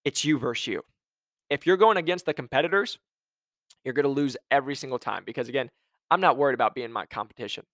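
A man's voice: medium pitch, quick pace, fairly bright tone, no room sound. Blunt, ranting male sales coach. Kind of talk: motivational talk.

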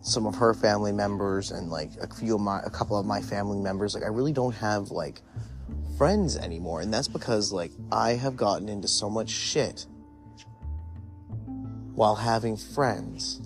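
A man's voice: fairly low pitch, normal speed, music in the background. A young man casually telling a candid personal story, rambling and full of "like" fillers. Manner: rambling, heavy use of "like"; candid, confessional. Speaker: podcast host.

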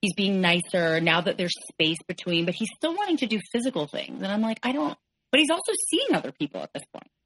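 A woman's voice: medium pitch, sing-song, fast, hardly any pauses, a bit bright, low-quality recording. A woman in her forties, a podcast guest, telling a painful personal story candidly, often quoting what was said. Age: 40s. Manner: candid, tense retelling, quotes others in shifting voices.

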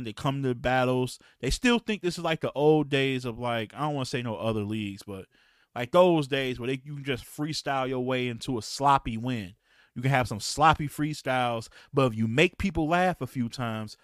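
A man hosting a battle rap podcast, talking in a loose, slangy, profane and rambling way, clearing his throat now and then. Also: mid-range voice, moderate pace, no room sound, clean studio sound. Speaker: podcast host and battle rap league promoter. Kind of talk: casual podcast talk.

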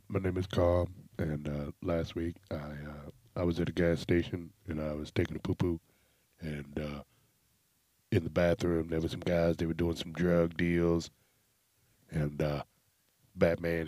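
A man playing a deep-voiced, dim, rambling complainer. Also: flat delivery, warm tone, dry recording. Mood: aggrieved. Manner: mumbling, rambling, halting with many uh's. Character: slow-witted man whom Batman punched. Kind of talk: comedy sketch.

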